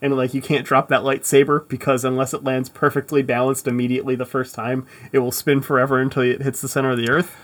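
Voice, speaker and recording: A man's voice: mid-range voice, little pitch movement, quick pace. A man co-hosting a podcast, chatting casually and rambling through jokes and self-deprecating asides. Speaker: podcast co-host. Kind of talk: casual comedic banter.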